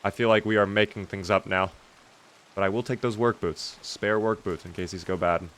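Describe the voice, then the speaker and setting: A young man streams a zombie survival game, chatting casually and reading viewer questions aloud to answer them. His voice is fairly low with a steady tone, a moderate pace and a slightly bright quality.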